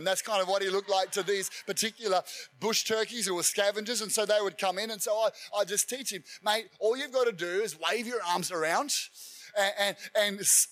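A man preaching a sermon, telling stories with energy and building to fervent shouts. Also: high voice. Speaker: pastor.

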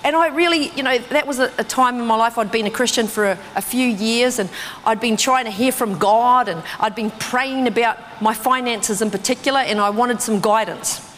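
Animated woman preaching in a reverberant hall. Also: normal speed, a little hiss or hum. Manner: animated storytelling, acting out her own reactions with big pitch jumps. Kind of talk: sermon with personal testimony.

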